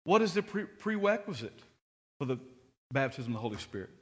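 A man's voice: medium pitch, very animated, fairly quick, fairly bright tone. A middle-aged man preaching a sermon, telling stories earnestly and often repeating his words.

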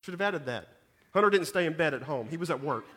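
A man, preaching a sermon that moves between scripture reading, prayer and lively storytelling, often repeating words as he goes. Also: fast talker. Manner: animated storyteller, repeats words, rises in pitch and volume at dramatic moments. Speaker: pastor.

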